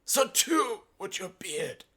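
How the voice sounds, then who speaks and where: A man reading an audiobook as its narrator, in a steady, plain manner. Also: sits high, slow, slightly rough. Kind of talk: scripted narration.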